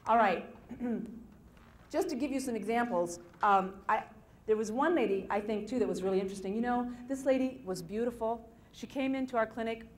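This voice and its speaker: A woman speaking to an audience at a self-help seminar, telling case stories in a lively, repetitive storytelling manner. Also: fairly high pitch, normal speed. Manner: storytelling, lively retelling with repeated phrases. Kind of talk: motivational talk to an audience.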